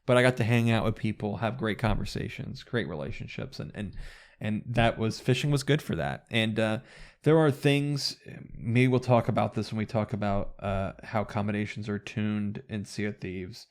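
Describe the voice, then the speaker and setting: A man's voice: fairly low pitch, normal speed. A man chatting casually as a guest on a gaming podcast, rambling and restarting his sentences with enthusiasm.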